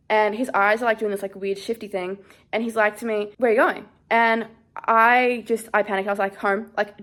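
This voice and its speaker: A young woman talks straight to camera, still shaken and scared as she recounts what happened. She rambles, filling every pause with "like". Her voice sits at an ordinary middle pitch. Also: a bit bright. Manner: shaken, rambling, heavy use of "like". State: shaky and scared. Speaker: vlogger. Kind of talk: casual storytime chat.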